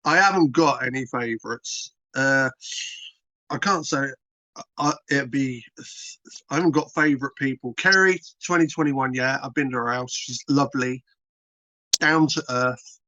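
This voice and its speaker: A man's voice: medium pitch, measured pace, long pauses, sharp tone, no room sound. British male interviewee, casual and repetitive, mid-range voice, dull dry recording. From Britain. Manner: rambling, repetitive, plain-spoken. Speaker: interview guest, content creator.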